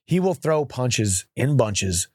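A man hosting a casual chat and giving an animated play-by-play breakdown of fight footage as a coach. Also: slow, breathy edge, no echo, studio quality. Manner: animated play-by-play with "boom" exclamations. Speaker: coach and show host.

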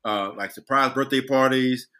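A man's voice: mid-range voice, steady tone, moderate pace, pushed and bright. A man on a podcast, reflecting and telling a personal story in casual chat, often restarting his sentences. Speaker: podcast co-host.

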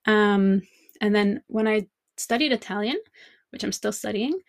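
Woman, chatty reflective podcast host, lots of ums, vocal fry, dry recording. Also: mid-range voice, unhurried, dry recording. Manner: chatty, reflective, many fillers and restarts. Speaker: podcast host, language teacher. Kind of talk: solo podcast monologue.

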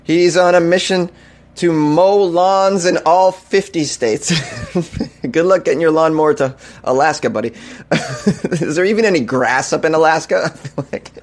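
A man hosting comedy news takes a measured pace as he ridicules odd headlines in an incredulous way. Somewhat higher-voiced than most men, he often breaks into laughter between lines.

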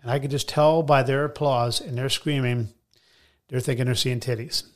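Give me a man guesting on a podcast, telling loose, animated stories with a middle-range voice. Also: medium pitch, normal speed. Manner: rambling, animated anecdotes with many fillers. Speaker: comedian guest. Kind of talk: conversational storytelling.

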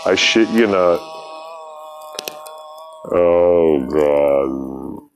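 A man's voice: extremely low pitch, lively intonation, very slow, faint music behind, poor audio. Profane, rambling man telling stories. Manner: profane, slangy, rambling, peppered with dude and man. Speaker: podcast host telling stories. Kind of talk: casual storytelling.

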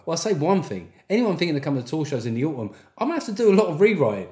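A man's voice: on the high side, big pitch swings, racing, few pauses, darkish tone, echoey room. A man hosting a podcast, delivering a sweary, jokey comic monologue and reading out listener reviews. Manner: sweary, jokey, slips into mock accents. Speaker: podcast host.

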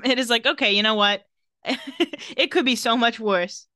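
A woman co-hosting a casual podcast, retelling TV scenes in an animated way and laughing often. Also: a little high, no echo, clean studio sound. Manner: animated, laughs often, quotes characters in quick voices. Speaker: podcast co-host recapping a TV episode.

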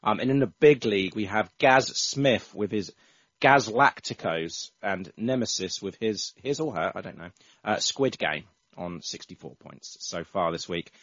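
A man with a lowish voice hosts a casual football podcast, chatting in loose sentences that often stall and restart. The sound is dull and dry, with no room echo at all. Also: expressive, unhurried, a bit bright. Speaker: podcast host.

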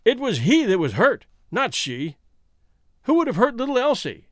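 A loud, fierce outlaw, bitter and desperate, pleading one moment and defiant the next, as a male reader puts him on. He pitches high and lets it swing wide, close and dry. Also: huge pitch swings, moderate pace, no echo, exaggerated voice.

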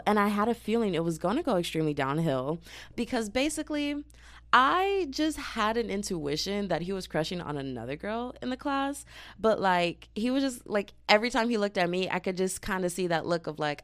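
Animated young woman telling a story. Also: medium pitch, normal speed, no echo. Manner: animated, swearing, slangy, laughing often. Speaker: vlogger. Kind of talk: casual storytime chat.

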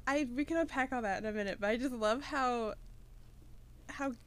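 A woman's voice: a little high, moderate pace. Giggly young woman gushing about a show. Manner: giggly, gushing, lots of fillers. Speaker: podcast co-host. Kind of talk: casual chat.

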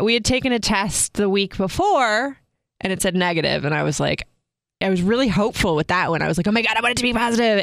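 Podcast co-host, young woman; slightly gravelly yet smooth tone, confessional storytelling, dry close recording. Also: lowish voice, dry recording. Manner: candid, many filler likes, laughs while telling.

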